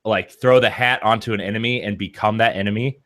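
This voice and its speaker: Low-ish male stream co-host, excitable rambler, casual gaming chat. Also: fairly quick. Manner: excitable, gushing, rambling with many "like"s. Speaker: co-host of a live watch stream.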